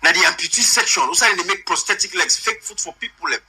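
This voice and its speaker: A man's voice: high-pitched, quick pace, pushed and bright, slightly rough, low-quality recording. A man from Sierra Leone with a Sierra Leonean accent giving rambling casual commentary as host, slipping pidgin into his English. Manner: rambling, mixes pidgin into English, many fillers.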